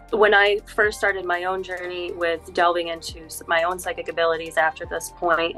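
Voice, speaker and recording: A woman from Upstate New York, a spiritual healer, telling her story as a podcast guest in an animated way with quick laughs. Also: fairly low pitch, poor audio. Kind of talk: casual interview chat.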